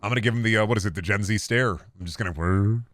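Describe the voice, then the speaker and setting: A man from Iowa chats casually on a gaming stream in a somewhat low voice. He answers chat with offhand jokes and sometimes drops into gruff mock-dad phrasing. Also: racing, a bit bright, dry recording.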